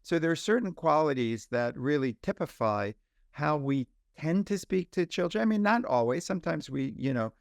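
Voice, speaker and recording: A man who is a pediatrician, a guest on a podcast interview, explaining ideas in an animated way with examples. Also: a little high, normal speed, no echo, studio quality.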